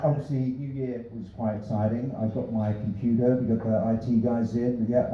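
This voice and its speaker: Dry stand-up comic in an echoey club. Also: male voice, medium pitch. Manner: dry punning one-liners with offhand asides. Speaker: stand-up comedian. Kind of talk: stand-up set testing new jokes. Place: small comedy club stage. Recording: echoey room, distant, slightly dull.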